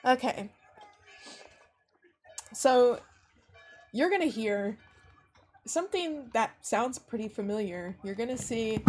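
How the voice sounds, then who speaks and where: A young woman narrating as game master for a tabletop game, in a loose, rambling manner full of fillers and small restarts. Her voice sits a bit high for a woman. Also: animated, slow pace, pauses often, soft background music. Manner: rambling, with frequent fillers and laughs.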